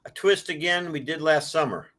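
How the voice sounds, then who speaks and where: A man in his sixties, a book author, telling his life story in an interview, with an animated delivery that swells when he is moved. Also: on the high side, moderate pace. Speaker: author guest.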